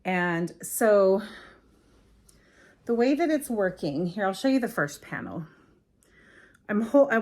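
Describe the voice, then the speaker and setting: A middle-aged woman hosting her own craft podcast in casual, rambling chat, often stopping to correct herself. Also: lowish voice. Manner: chatty and rambling, with frequent self-corrections. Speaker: podcast host.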